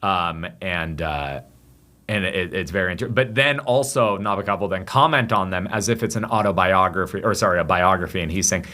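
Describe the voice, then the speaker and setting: Young guy guesting on a podcast, lowish voice, rambling animated stories. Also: fairly quick. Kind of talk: casual chat.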